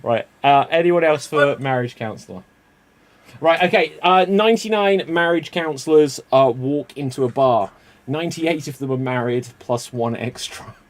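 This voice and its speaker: A man's voice: fairly high pitch, moderate pace. A man hosting improv comedy games, chatty and laughing often. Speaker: improv game host.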